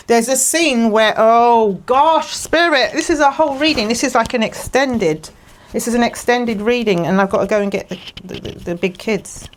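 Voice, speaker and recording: A woman giving a casual tarot reading to camera, chatty and rambling, with many fillers and restarts, emotional and quick to laugh. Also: on the high side, a little hiss or hum. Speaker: tarot card reader.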